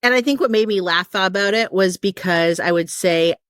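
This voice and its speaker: A woman from Michigan co-hosting a podcast in a casual chat. She tells stories in an animated way, acting out quotes and laughing. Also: medium pitch, normal speed, clear, resonant tone, no echo, studio quality. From Midwestern US, Michigan. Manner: animated storyteller who acts out quotes and laughs. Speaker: podcast co-host.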